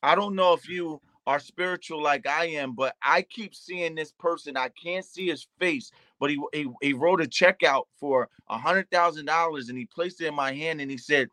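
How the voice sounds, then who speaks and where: Guy pastor type telling his story, earnest and repeating himself, bright fairly high voice, dry sound. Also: moderate pace, hardly any pauses, no room sound. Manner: earnest, repeats words, breaks into quoted asides. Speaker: pastor and youth nonprofit founder. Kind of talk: emotional personal storytelling.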